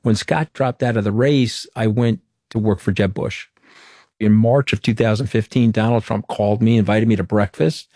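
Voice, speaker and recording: A man's voice: on the low side, steady tone, moderate pace, darkish tone, no room sound, clean studio sound. Frank middle-aged man telling stories. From Long Island, New York. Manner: frank, anecdotal, emphatic, with occasional restarts. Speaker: interview guest, former political communications director. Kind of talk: candid storytelling in an interview.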